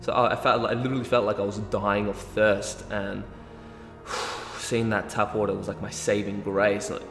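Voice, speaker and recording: Young Australian guy, animated swearing storyteller, echoey room. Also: fairly low pitch, normal speed, vocal fry. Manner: animated, heavy swearing, self-mocking. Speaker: vlogger. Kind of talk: storytelling monologue. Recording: roomy echo, long reverb, faint music.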